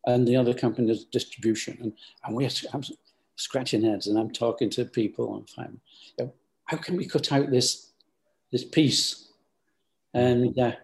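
Older man with a gravelly voice. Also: medium pitch, darkish tone. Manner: rambling, hesitant, many restarts. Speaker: business founder. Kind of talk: storytelling interview answers.

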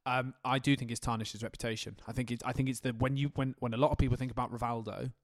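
A man's voice: medium pitch, level tone, very fast, no room sound, clean studio sound. A man co-hosting a casual football podcast, bantering, laughing often and swearing freely. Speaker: podcast co-host.

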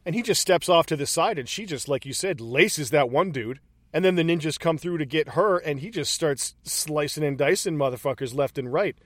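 A man co-hosting a casual podcast, excitedly retelling film action, swearing freely and acting out characters' lines. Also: fairly high pitch, normal speed, no echo, studio quality. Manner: excited, profane, acts out lines. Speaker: podcast co-host. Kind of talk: casual movie discussion.

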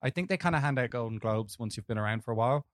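A man's voice: medium pitch, lively intonation, very fast. An Irish man co-hosting a podcast, chatting casually and enthusiastically about films, swearing freely. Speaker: podcast co-host. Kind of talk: casual film chat.

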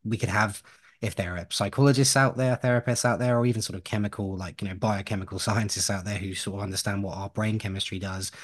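A man's voice: on the low side, steady tone, fast. A man co-hosting a podcast from home. He chats casually, wanders off on tangents and laughs as he goes. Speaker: podcast co-host.

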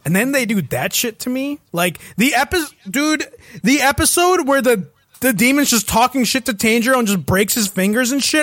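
A young man ranting profanely in a casual chat, animated and exasperated. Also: very high-pitched, moderate pace, no echo. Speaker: podcast co-host. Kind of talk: casual rant.

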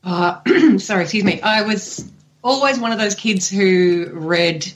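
A woman's voice: mid-range voice, a little slow. An Australian woman presenting a community radio show in a friendly, chatty way. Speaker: community radio host and guest.

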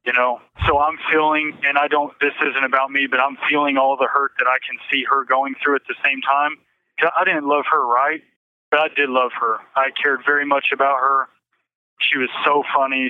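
A man giving a halting personal account in an interview, often repeating himself and restarting sentences. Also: medium pitch, no echo. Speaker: interview guest. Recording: tinny phone line.

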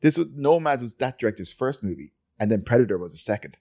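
A man co-hosting a podcast, chatting about a film in a halting way with many stops and restarts. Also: medium pitch, sing-song, dark tone. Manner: halting, full of fillers and restarts. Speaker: podcast co-host. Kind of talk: casual film review chat.

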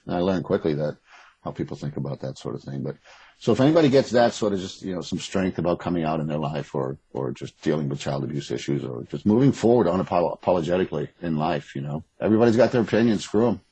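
A deep, husky man talks quickly and frankly in a rambling interview, swearing as he goes. The recording is close and dry. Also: animated, dark tone, no room sound, low-quality recording. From Boston area. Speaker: author and guest. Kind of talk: casual interview conversation.

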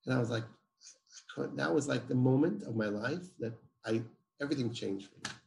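A man's voice: mid-range voice, normal speed, vocal fry. A man, a guest telling a personal story emphatically and acting out the dialogue. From Israel. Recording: roomy echo.

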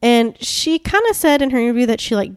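A woman's voice: a little high, animated, a little fast, clean tone, no echo, studio quality. A woman co-hosting a casual true-crime podcast, retelling a story conversationally with lots of "like" and "yeah". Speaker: podcast co-host.

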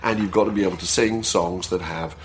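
A male radio presenter chatting casually and telling animated, rambling anecdotes. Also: low-pitched, fairly quick. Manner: animated, laughing, rambling storyteller. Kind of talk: casual chat.

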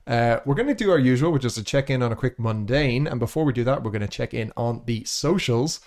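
An Irish man hosting a podcast, chatting casually and joking with his co-host in lively banter. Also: medium pitch, quick pace.

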